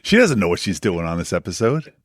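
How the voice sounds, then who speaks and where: A man's voice: low voice, big pitch swings, fairly quick, husky, no room sound, clean studio sound. A man co-hosting a podcast in casual chat, jokey and teasing, often talking over others. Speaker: podcast co-host.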